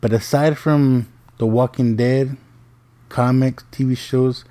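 Male host, middle-aged, unhurried delivery, warm, dark tone, casual joking storyteller. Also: mid-range voice, fairly even intonation. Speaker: podcast host. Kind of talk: casual monologue.

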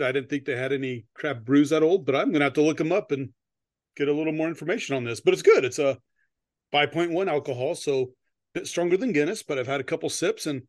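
A man's voice: a little high, no room sound, studio quality. A middle-aged man co-hosting a podcast, chatting in a rambling way with many restarts and frequent laughs, then reading a story aloud. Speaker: podcast co-host. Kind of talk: casual chat and story reading. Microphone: close podcast mic.

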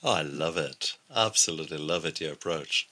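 A man's voice: rumbling low, a little fast, bright, forceful tone. A man hosting a podcast interview, telling personal stories in a chatty way and swearing now and then. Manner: conversational storyteller, swears casually.

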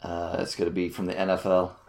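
Low-voiced guy rambling about college football coaching, lots of uhs. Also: monotone, fast talker, gravelly, darkish tone. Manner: rambling, filler-heavy. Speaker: podcast co-host. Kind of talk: casual sports chat.

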